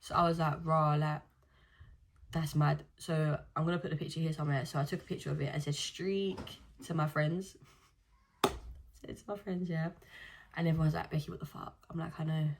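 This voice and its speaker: A woman's voice: low voice, fairly even intonation, moderate pace, creaky, background noise. A woman, chatting casually as a vlogger and telling stories with slang. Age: 20s. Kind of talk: casual chat.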